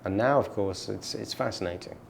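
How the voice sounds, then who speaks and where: A man's voice: lowish voice, a little fast, gravelly, slight background noise. A man in an oral history interview, telling a childhood story in a reflective, storytelling way with frequent restarts. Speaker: musician recalling his childhood.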